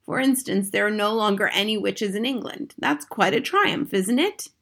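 A woman reading aloud, voicing a calm, wise older grandmother who speaks slowly, softly and with measure. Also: medium pitch, vocal fry. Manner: slow, soft and measured.

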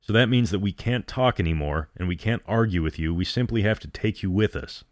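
A man's voice: lowish voice, fairly quick, dry recording, clean studio sound, close to an everyday voice. A man voicing a duty-bound space captain who speaks evenly and firmly, in a read-aloud story. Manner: even, firm.

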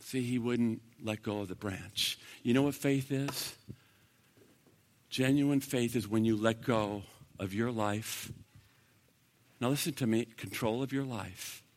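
A man preaching an evangelistic sermon to a live audience, swinging from loud bursts to hushed, earnest talk. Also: mid-range voice, slow. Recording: long reverb of a large hall.

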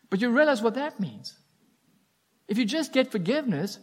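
A man's voice: sits high, sing-song, brisk. A man preaching a sermon, earnest and emphatic, pressing his points with urgency.

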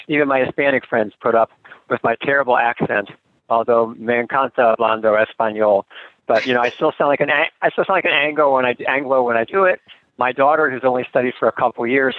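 Over a remote call, a middle-aged man with a medium-pitched voice appears as a guest expert on gender norms in a conversational interview. He is earnest and thoughtful, often restarting his sentences. The recording is dry, with a tinny phone-line sound and no echo.

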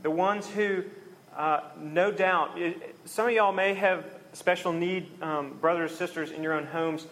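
A man's voice: a little high, fairly bright tone. A man preaching a conversational, earnest sermon to a congregation, briefly acting out the people in the story.

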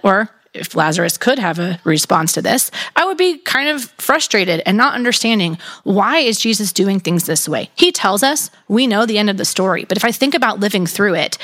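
A woman giving a reflective Bible teaching, reading scripture aloud and talking about it candidly and earnestly, with soft laughs. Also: medium pitch.

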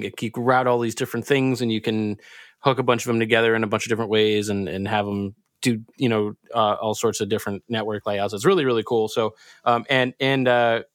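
Relaxed man hosting a podcast. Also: medium pitch, dry recording, clean studio sound. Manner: relaxed, halting, with many fillers. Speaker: podcast host. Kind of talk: casual interview chat.

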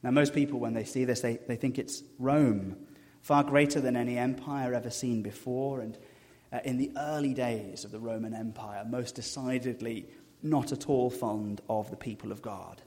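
A man preaching a sermon as a pastor, an animated storyteller who drops to a hush for emphasis. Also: mid-range voice, moderate pace. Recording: long reverb of a hall.

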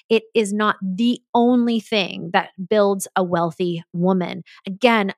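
A woman's voice: medium pitch, fairly bright tone, dry recording, clean studio sound. A woman hosting a solo podcast as a business mentor, talking in an earnest, emphatic way. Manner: earnest, emphatic, acts out quoted dialogue.

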